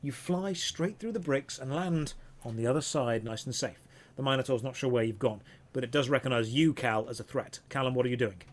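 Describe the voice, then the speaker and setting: A man narrating a tabletop game as dungeon master, in a measured storytelling manner. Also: medium pitch.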